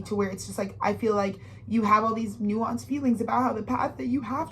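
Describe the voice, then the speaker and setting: A woman in her twenties talks through an emotional astrology reading in a loose, rambling way. She restarts her sentences often and swears freely. Her voice sits a little high, with a faint hiss of noise behind it. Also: fairly even intonation, brisk, few pauses. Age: 20s. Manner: rambling, heartfelt, profane. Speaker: astrology tarot reader.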